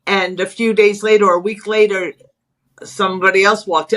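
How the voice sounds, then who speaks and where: A middle-aged woman, talking as a guest in a casual interview. She tells stories in a brash, animated way and acts out what people said. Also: mid-range voice, normal speed. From Long Island, New York. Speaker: guest, spiritualist author.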